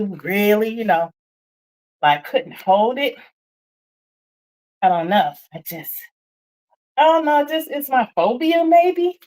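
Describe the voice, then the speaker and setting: Woman live-stream host, slightly out of breath, bouncy pitch, unhurried chatty delivery. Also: a little mellow, rough recording. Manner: chatty, reads and answers viewer comments. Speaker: livestream host chatting with viewers. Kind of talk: casual live chat.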